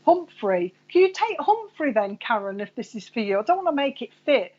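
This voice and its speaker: A woman's voice: on the high side, very animated, fairly quick, a little mellow. Chatty woman medium on a dull stream. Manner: chatty, rambling, addresses viewers by name. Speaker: psychic medium giving live readings. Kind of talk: live-streamed reading to viewers.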